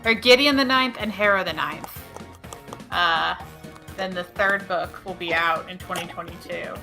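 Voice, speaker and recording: A woman's voice: lowish voice, measured pace, vocal fry, music in the background. Woman on a video call, dramatic reactions. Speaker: livestream co-host. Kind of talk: casual group chat on a livestream.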